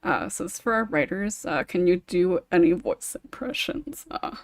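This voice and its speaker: A woman hosting a casual panel podcast, reading out listener questions between frequent laughs. Her voice sits on the low side but swings up and down freely, with a gravelly fry at the ends of phrases. The sound is close and dry, through a remote call mic. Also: expressive, moderate pace, no room sound. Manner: laughs often, reads listener questions aloud. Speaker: podcast host.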